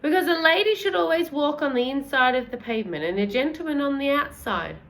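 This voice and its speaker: A woman voicing a kindly, gentlemanly old male tramp who talks in a polite, old-fashioned, fatherly way. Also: high voice, expressive, brisk, slight background noise, pitched above the performer's own voice. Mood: genteel.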